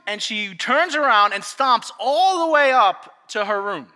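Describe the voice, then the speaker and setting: High-pitched pastor guy preaching, super animated, bright sharp voice, long echo like a big church hall. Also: unhurried, few pauses. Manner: animated storytelling, acting out family dialogue. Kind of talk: sermon.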